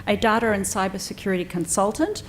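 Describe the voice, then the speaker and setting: A woman moderating a panel, briskly introducing each speaker with light jokes in a room with an audience. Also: mid-range voice, lively intonation, a little hiss or hum.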